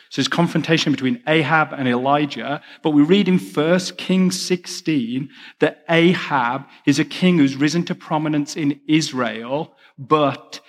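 A pastor from England, speaking with an English accent, preaches a sermon sprinkled with chatty, self-deprecating asides. His voice is a little high and carries a big-room sound.

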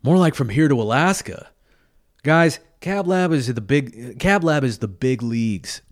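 A man's voice: mid-range voice, expressive, unhurried, no echo, studio quality, lightly acted. A man reading a story and voicing a giant, boastful talking gorilla. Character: giant talking gorilla, brash lab animal.

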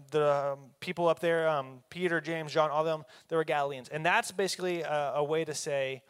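Pastor guy preaching, slightly high voice, folksy and emphatic, lots of ums. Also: a bit bright. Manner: folksy, emphatic, with fillers and restarts. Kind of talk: sermon.

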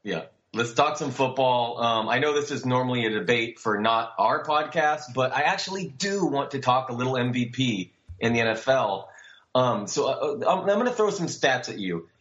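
A man's voice: medium pitch, animated, normal speed, a bit bright, dull audio. A young man co-hosting a podcast in casual chat, teasing his partner and tripping over his words as he starts sentences. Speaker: podcast co-host.

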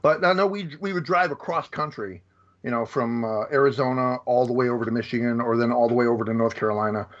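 A man from the United States chatting casually about movies on a podcast, retelling scenes in an animated way. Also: mid-range voice, quick pace. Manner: animated storyteller. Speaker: podcast guest. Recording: slightly dull lo-fi audio.

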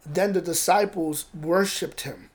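A man preaching a casual, conversational sermon, reading scripture aloud and breaking off for quick asides. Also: fairly high pitch.

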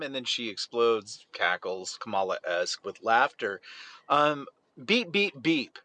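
A man's voice: mid-range voice, animated, slow, sharp tone. A man co-hosting a casual podcast, talking sarcastically and often cutting in. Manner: sarcastic, interrupting, mock voices. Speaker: podcast co-host. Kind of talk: casual conspiracy podcast chat.

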